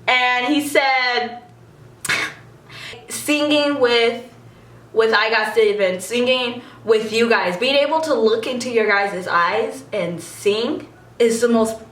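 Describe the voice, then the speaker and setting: A young woman excitedly telling a story in a vlog, giggling and acting out what people said. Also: fairly high pitch, slow pace, echoey room, distant mic. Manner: gushing, giggly, acts out quotes.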